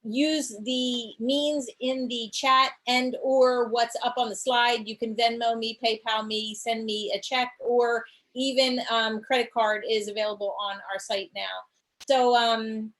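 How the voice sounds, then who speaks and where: A woman's voice: a little high, level tone, unhurried, a bit bright, poor audio. A woman hosting a live online tour event, talking with many fillers and restarts as she thanks her guide and hands over. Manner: hesitant, filler-heavy, friendly. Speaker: tour company host.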